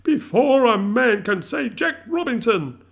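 A man voicing a jovial, fat old male merchant who shouts with hearty merriment. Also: very animated, unhurried, gravelly, heavily acted. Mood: jovial, booming. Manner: booming, merry, hearty shouts.

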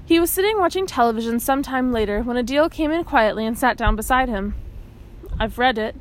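Audiobook narrator, woman, higher voice, steady telling, light hiss. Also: quick pace, poor audio. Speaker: audiobook reader. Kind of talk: scripted narration.

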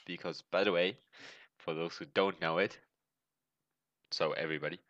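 Deep-voiced young man with a German accent. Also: fairly even intonation, normal speed, fairly bright tone, dry recording, lo-fi sound. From Germany and Chile. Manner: joking, loose and playful. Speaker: podcast co-host. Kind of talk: casual podcast chat.

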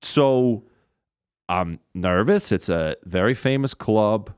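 A male comedian telling a story as a podcast guest, animated and full of swearing. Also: on the low side, slow, clean tone, no room sound, studio quality. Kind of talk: casual storytelling in a podcast interview.

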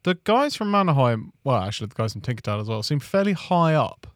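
A man's voice: mid-range voice, quick pace, no room sound, studio quality. A man playing a tabletop game, talking casually and animatedly. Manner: animated, laughs often. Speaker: player.

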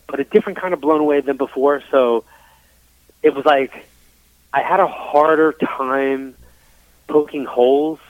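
A man from New York tells his story on a tinny, phone-like line, talking frankly and loosely with plenty of fillers. His voice sits at an ordinary middle pitch. The sound is dry and close. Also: no echo. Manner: chatty, frank, many fillers, acts out quoted dialogue. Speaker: psychic medium guest. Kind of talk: casual storytelling interview.

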